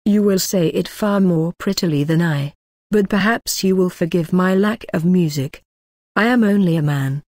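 A woman's voice: fairly low pitch, normal speed, darkish tone, dry recording, studio quality, lightly acted. A woman reading an ardent young lover. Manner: effusive, poetic declarations. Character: ardent young man in love, rhapsodic.

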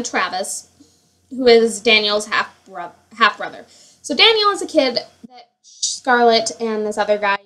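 A woman's voice: on the high side, fairly bright tone, poor audio. A young woman giving casual, rambling commentary on her Sims family, full of fillers and self-corrections. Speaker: Sims player.

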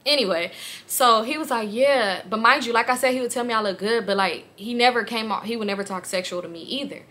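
A young woman vlogger telling a personal story in a candid, animated way, swearing freely. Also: on the high side, quick pace.

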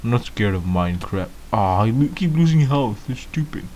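A man's voice: fairly low pitch, lively intonation, moderate pace, darkish tone, a little hiss or hum. A man giving comedic gameplay commentary as a clueless beginner, whiny, easily startled and rambling with lots of ums. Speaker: gamer playing a clueless beginner.

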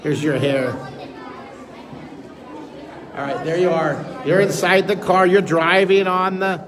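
A man's voice: sits high, takes it slowly, a crowd in the background. Upbeat middle-aged man teaching kids to draw. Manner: energetic, encouraging, talks straight to kids. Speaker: drawing teacher. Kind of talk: live drawing lesson to a school assembly. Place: school assembly with a live audience.

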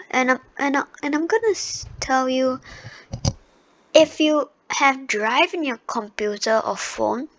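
A woman's voice: on the high side, a bit bright, dry recording. A woman giving a casual screen-recorded tutorial into her computer microphone, chatty and unpolished, with many fillers and restarts. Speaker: tutorial host.

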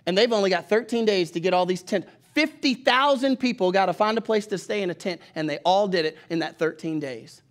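A man, preaching from the pulpit in a casual, animated storytelling style. His voice sits high for a man, and he often restarts a thought mid-sentence. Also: brisk, few pauses. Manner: conversational and animated, with restarts and acted-out dialogue. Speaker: pastor. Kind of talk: storytelling sermon.

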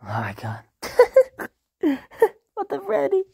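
A woman's voice: sits high, huge pitch swings, slow pace, vocal fry, mellow, no room sound, clean studio sound. A woman hosting a reaction video, exclaiming in surprise at each clip and often breaking into gasps and laughter. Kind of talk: casual reaction commentary. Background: meme video audio and music playing.

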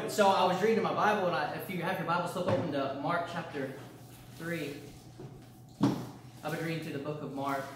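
A man leads a church discipleship class in an earnest, repetitive preaching cadence, circling back and restarting his phrases. His voice sits fairly high. The sound comes from a distant mic in a very echoey room. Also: steady tone, brisk, pauses often, slight background noise. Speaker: pastor.

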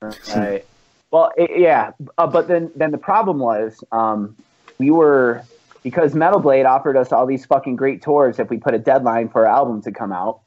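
Profane rambling storyteller, muffled lo-fi recording. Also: male voice, medium pitch, moderate pace. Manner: profane, rambling anecdotes with laughs. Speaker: band founder and musician, guest. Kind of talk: casual storytelling chat.

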